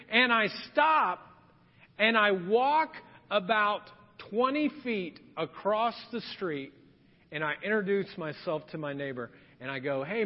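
A male pastor delivering a humorous storytelling sermon, acting out scenes in quoted voices. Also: very high-pitched. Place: church sanctuary. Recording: dull lo-fi sound with long hall reverb.

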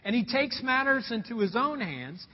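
A man's voice: very high voice, very animated, moderate pace, husky. A man preaching a sermon, telling a personal story in an earnest way and calling his listeners folks. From Indiana, USA. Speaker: pastor. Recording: dull sound with long hall reverb.

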